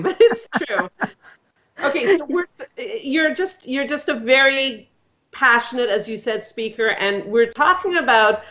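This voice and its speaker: A woman's voice: medium pitch, a bit bright, dull audio. A woman hosting a radio talk show, chatty and rambling with many fillers. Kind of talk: casual radio interview.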